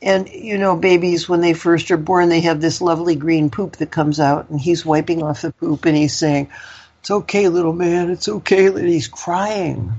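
An older woman tells a candid personal story, wandering through it with fillers and little laughs. Her voice has a husky edge. The recording sounds slightly dull and lo-fi. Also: low-pitched, steady tone, moderate pace, hardly any pauses, darkish tone. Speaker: guest.

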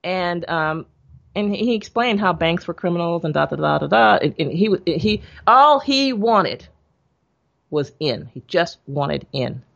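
A woman guest telling a family story in a casual, animated way, acting out her father's lines with laughs. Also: on the low side, measured pace, creaky, lo-fi sound. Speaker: interview guest.

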